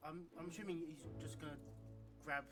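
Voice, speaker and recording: A man with a slightly high voice plays a tabletop game over an online voice call. He speaks tentatively, restarting his sentences and trailing off. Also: steady tone, fairly quick, over music. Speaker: player.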